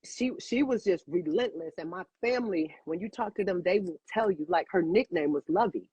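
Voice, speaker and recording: A woman's voice: on the low side, brisk, dark tone, slightly rough, no room sound, low-quality recording. A woman in her fifties, a cigar bar owner, telling a personal story with feeling as an interview guest and repeating phrases for emphasis.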